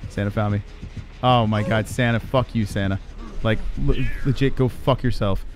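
A man giving live commentary on his own gameplay, swearing and reacting in excitable panic. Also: lowish voice, normal speed, music in the background. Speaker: streamer.

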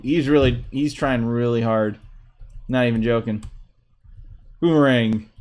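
A young man livestreaming a fighting game, commenting excitedly, trash-talking opponents and whooping at big hits, with keyboard clicks behind him. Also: medium pitch, normal speed. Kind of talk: live gameplay commentary.

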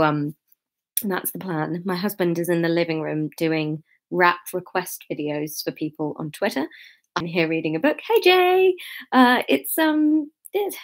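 A chatty woman livestreaming from her bedroom. She talks in a casual, self-mocking way, greets her viewers by name and reads aloud from her own book. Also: fairly low pitch. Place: bedroom at home.

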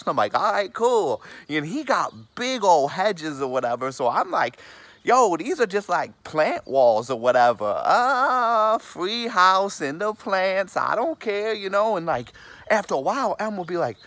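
A man's voice: high voice, sing-song, moderate pace, a bit bright, no room sound. A man in a comedic sketch monologue, rambling and repeating his filler phrases over and over. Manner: rambling, repeats "for real" and "or whatever".

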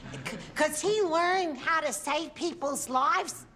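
An actress playing a naive, kindly middle-aged housewife who rambles and takes things literally, in 1970s sitcom style. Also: female voice, sits high, slow pace, pushed and bright, exaggerated voice. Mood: flustered. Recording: noisy 1970s TV audio with laugh track.

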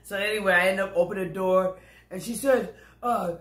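A woman bus driver telling a comic story to viewers in an animated, chatty way, calling them y'all. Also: medium pitch, brisk. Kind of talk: comedic storytelling to camera. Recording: roomy echo.

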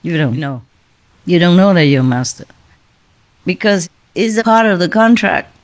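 A woman's voice: fairly low pitch, lively intonation, normal speed. A woman spiritual teacher talking casually to her disciples, tired and confiding, often laughing between lines. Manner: weary, confiding tone.

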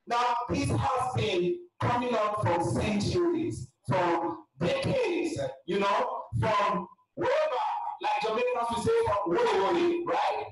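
A man from Africa preaching a funeral sermon in a church. He talks emphatically, often shouts, and calls out to the congregation. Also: very high-pitched. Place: large church hall. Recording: very echoey church from far off, with music.

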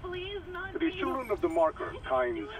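A man's voice: very high-pitched, huge pitch swings, slow pace, slight background noise, exaggerated voice. An actor playing an obsessive male scientist dictating a surgical log in a clinical, fervent way.

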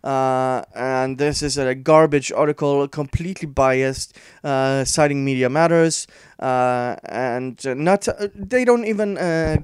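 A man reacting to an article he reads aloud, frustrated and sarcastic, halting often with fillers. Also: on the high side, a little mellow, clear, resonant tone, no room sound, clean studio sound. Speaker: online commentator.

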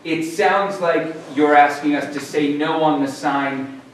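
A man on a zoning board speaking at a public hearing, measured and halting, with frequent restarts. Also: fairly high pitch. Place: town meeting room. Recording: echoey room from far off, faint hiss.

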